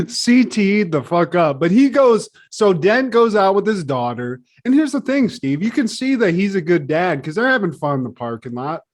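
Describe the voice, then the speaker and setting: High-voiced animated man. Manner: animated, swearing, acting out scenes in quick voices. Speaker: podcast co-host. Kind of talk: casual comedic chat.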